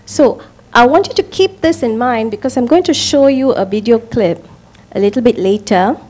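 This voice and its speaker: Woman presenter, fairly high voice, emphatic talk to parents with frequent check-ins. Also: animated, moderate pace, a little mellow. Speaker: speaker at a parents' education talk.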